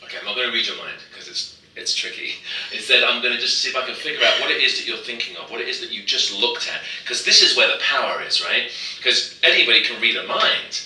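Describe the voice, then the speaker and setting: A man performs a mind-reading trick as a magician, keeping up joking, teasing patter. His voice is very bright. The recording is roomy and he sits back from the mic. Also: medium pitch, expressive, fast talker, distant mic.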